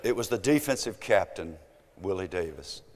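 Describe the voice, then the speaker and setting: Older man, Southern accent, emphatic storyteller, loud then hushed, echo of a big hall. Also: deep voice, expressive, normal speed, noisy background. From American South. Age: 70s. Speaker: speaker. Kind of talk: motivational storytelling talk. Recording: long hall reverb.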